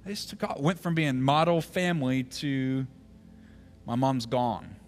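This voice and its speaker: A male pastor preaches a sermon built around a story, softening nearly to a whisper in tender moments and turning forceful as he urges his congregation on. He has a medium pitch and a measured pace, with soft music playing behind him.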